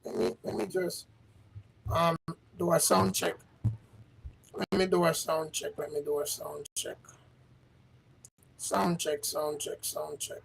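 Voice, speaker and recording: Gravelly, husky man hosting a livestream. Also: on the high side, rough recording. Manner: repetitive, halting, asks the audience questions. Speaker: livestream host. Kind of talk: casual livestream chat. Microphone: livestream setup.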